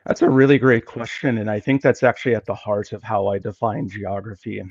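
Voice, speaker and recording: A man with a Minnesotan accent, a guest geographer speaking in a thoughtful, measured way with many fillers. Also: on the low side, gravelly, darkish tone, no room sound, highs cut off. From Minnesota, USA. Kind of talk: conversational interview. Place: Victoria, Canada.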